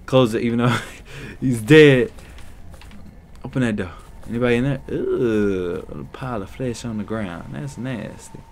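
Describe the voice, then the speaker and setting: A young man giving let's play commentary, loud and excitable, talking back to the characters on screen. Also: mid-range voice, unhurried, a little hiss or hum. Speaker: gaming YouTuber.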